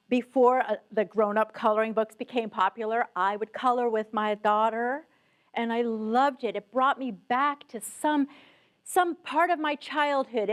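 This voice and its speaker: A middle-aged woman giving a conference keynote talk, telling stories with animated asides to the audience. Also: high-pitched. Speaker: keynote speaker. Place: conference hall stage.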